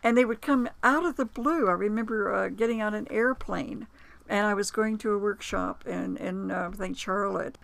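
Gravelly-voiced woman telling personal stories. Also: medium pitch, moderate pace. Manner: reflective, recounts anecdotes with quoted dialogue and small hesitations. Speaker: author and producer, interview guest. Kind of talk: conversational storytelling.

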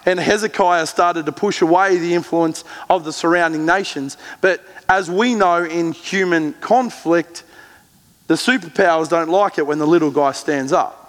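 A man preaching a sermon, retelling scripture with earnest emphasis and slow, measured readings. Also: on the high side, big-room sound. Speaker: pastor.

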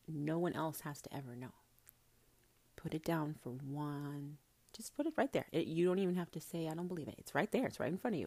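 Coaxing, lower-voiced woman preacher. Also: gravelly. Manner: intimate and coaxing, calls the listener honey, swears casually; drops into soft whispers at times. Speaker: self-described prophetess. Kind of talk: casual spiritual talk to camera.

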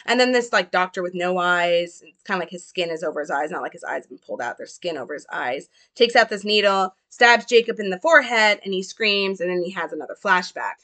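A woman's voice: on the low side, lively intonation, a little fast, few pauses, bright, forceful tone. Young woman breaking down a movie, chatty, lots of like and you know. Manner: chatty, hedging, full of fillers. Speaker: film commentator. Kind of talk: casual film analysis.

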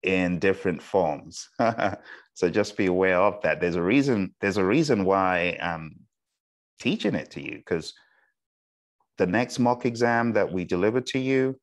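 A man teaching an exam prep lesson, talking slowly on purpose and often checking in with "okay?" and "all right?". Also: low voice. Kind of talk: recorded online lecture.

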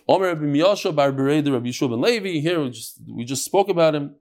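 A man's voice: fairly high pitch, expressive, fast, few pauses, darkish tone. A man teaching a Talmud class, reading Aramaic lines and explaining them in English with jokes. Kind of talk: Gemara class explaining text.

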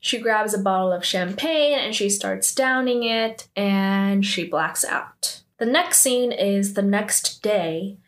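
A young woman vlogs her recap of a TV drama in a casual, rambling way. She leans on "like" constantly and climbs higher whenever she is incredulous. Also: slow, hardly any pauses. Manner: chatty, heavy use of "like", rising disbelief.

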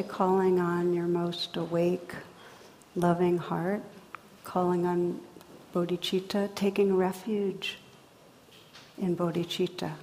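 A woman giving a dharma talk as a meditation teacher, speaking in a gentle, reflective way with unhurried phrasing and pauses. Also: lowish voice, gravelly. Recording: long hall reverb.

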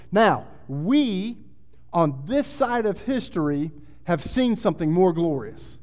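A man's voice: high voice, sing-song, slow pace, darkish tone. A man preaching a sermon, reading scripture aloud and building in intensity. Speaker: pastor. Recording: long hall reverb.

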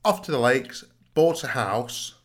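Male podcast co-host, mid-pitched, jokey, teasing banter, quick to laugh. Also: lively intonation. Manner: joking, teasing, bursts into laughter. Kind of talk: casual chat.

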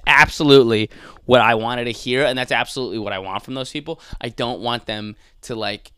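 A man's voice: medium pitch, vocal fry, fairly bright tone, no room sound, studio quality. A man hosting a show, ranting in casual, profane talk, often exasperated and mocking others in put-on voices. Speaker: podcast host.

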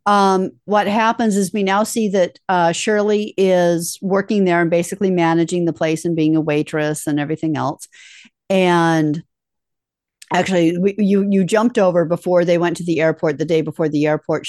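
A woman's voice: on the low side, a little mellow, no room sound, clean studio sound. A woman in casual conversation, filling in and correcting details of a film's plot. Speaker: film podcast co-host. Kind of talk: casual film discussion.

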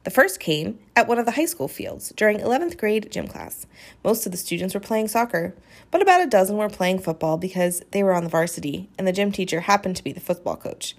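A woman narrating an audiobook in an expressive storytelling manner. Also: medium pitch, fairly quick. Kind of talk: audiobook reading.

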